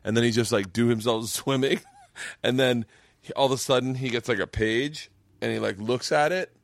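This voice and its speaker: Excitable man telling stories, full of restarts. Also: medium pitch, moderate pace, gravelly, no room sound. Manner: animated storytelling, swearing, stammering restarts. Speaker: podcast host and comedian. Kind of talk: casual chat. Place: home mancave.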